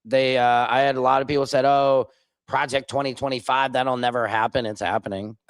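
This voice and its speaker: A man's voice: mid-range voice, little pitch movement, a little fast, clean tone, no echo. A man hosting a live stream, reading viewer comments and answering them bluntly and sarcastically. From Missouri. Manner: blunt, sarcastic, reacts loudly to clips.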